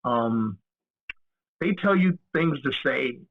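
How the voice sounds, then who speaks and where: A man tells stories as a podcast guest, profane and animated, jumping into the voices of the people in them. His voice is husky and sits in a middle register. He comes through a tinny, phone-like line. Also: medium pitch, slow pace. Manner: animated, profane, acts out quoted dialogue. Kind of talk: casual storytelling.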